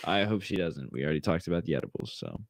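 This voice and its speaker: A man's voice: deep voice, expressive, fast talker, gravelly, no echo, clean studio sound. A young man from Maryland, a podcast guest telling a laid-back story full of fillers. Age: young adult. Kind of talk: casual chat.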